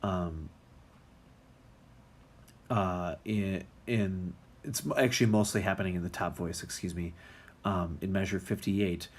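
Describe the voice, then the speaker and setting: Guy teaching music theory in a video lecture, lowish voice, lots of ums. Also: unhurried, long pauses. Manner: casual, many ums and restarts. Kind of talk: recorded lecture walkthrough.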